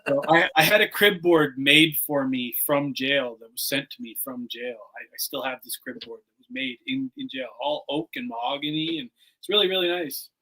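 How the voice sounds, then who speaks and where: A man's voice: on the high side, expressive, gravelly, pushed and bright, rough recording. A man from Canada, a podcast guest chatting casually and stumbling over repeated words. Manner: friendly, halting, repeats words. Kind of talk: casual chat.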